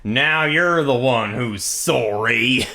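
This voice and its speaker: A man's voice: medium pitch, takes it slowly, bright, forceful tone. A man voicing a proud, gun-toting Texan man in a put-on Texan accent, drawling and threatening. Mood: menacing.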